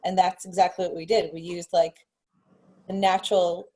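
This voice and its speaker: A woman's voice: on the low side, little pitch movement, normal speed, dark tone. Chatty mother telling family stories. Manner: chatty anecdotal, acts out her child's words. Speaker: parent. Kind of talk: casual chat. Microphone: video call.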